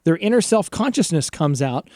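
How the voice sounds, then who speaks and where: A man's voice: a little high, sing-song, moderate pace, darkish tone, no room sound, studio quality. A man co-hosting a live stream, teasing and chatting casually with many restarts. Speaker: co-host. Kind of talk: casual banter.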